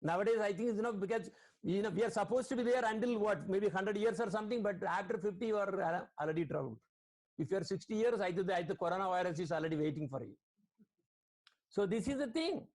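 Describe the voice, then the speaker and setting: A man's voice: sits high, fast talker, darkish tone. A man, a spiritual teacher, giving an online sermon over a video call, quoting Sanskrit verses and questioning his listeners.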